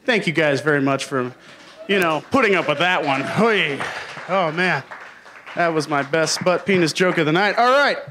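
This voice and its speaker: A man hosting a stand-up comedy show on a club stage, self-deprecating and unhurried as he introduces the next comic. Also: fairly high pitch, sharp tone.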